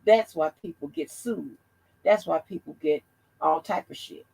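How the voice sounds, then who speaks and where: A woman's voice: fairly low pitch, measured pace, creaky, darkish tone, husky, rough recording. A woman hosting her own channel, talking bluntly and profanely in a rambling commentary with many restarts. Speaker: channel host. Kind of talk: casual commentary vlog.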